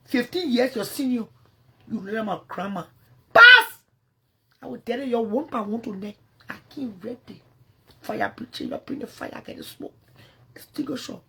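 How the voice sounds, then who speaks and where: A high-voiced woman with a Liberian English accent, ranting into her phone on a livestream. She is confrontational and swears freely. Her voice drops to low mutters, then bursts out loud again. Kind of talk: angry livestream rant.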